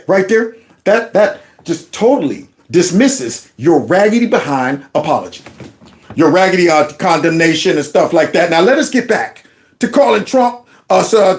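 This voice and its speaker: A man hosting reaction commentary, talking in an indignant, animated way and often stumbling over repeated words. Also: sits high. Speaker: commentary host.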